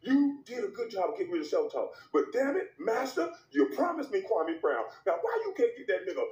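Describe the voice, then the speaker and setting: A man's voice: sing-song, a little fast, a little mellow, reverberant, distant mic, poor audio. A man doing an impression of a frantic male TV sports pundit who stammers and whines, in a comedy skit. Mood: whining pleading. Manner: high-pitched, whiny, stammering.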